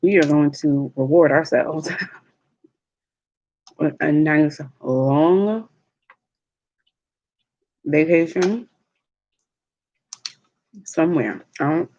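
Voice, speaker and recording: A woman, a mother, telling stories in a relaxed, chatty way while eating on a livestream vlog. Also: deep voice, highs cut off, slight background noise. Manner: slow, chatty storytelling with laughs. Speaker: mukbang vlogger. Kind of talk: casual chat while eating. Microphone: livestream mic.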